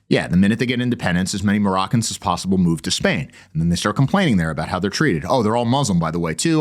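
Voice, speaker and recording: A man hosting a podcast, giving a sarcastic political commentary monologue in a mocking tone. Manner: sarcastic, mocking, with lively swings in pitch. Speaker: podcast host.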